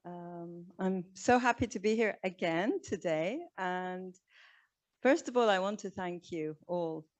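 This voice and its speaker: A woman giving a workshop talk to an audience, speaking in a measured, reflective way with small hesitations. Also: fairly low pitch. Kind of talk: conference talk. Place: lecture room before an audience. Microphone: recorded for camera from a podium.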